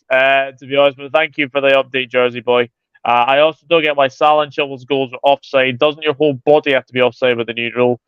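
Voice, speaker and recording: A man's voice: mid-range voice, steady tone, fairly quick, smooth, no room sound, lo-fi sound. A man hosting a football livestream, chatting casually and greeting viewers by name. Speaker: football channel host reading live chat.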